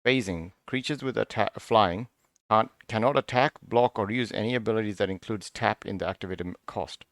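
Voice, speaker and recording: A man's voice: fairly low pitch, moderate pace, a bit bright, dry recording, studio quality. A man hosting a casual card review, thinking aloud in a musing, half-sarcastic way, often breaking off and restarting. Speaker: card review channel host.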